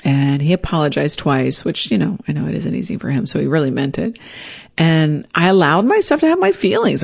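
A woman telling a personal story in an animated, self-deprecating way, leaping up in pitch when she acts out her own words. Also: a little fast, gravelly, breathy edge.

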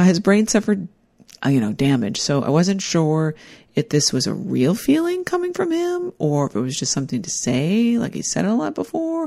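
A woman's voice: deep voice, mellow. A middle-aged woman giving a personal, reflective talk about life lessons, earnest and heartfelt. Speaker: speaker sharing life lessons.

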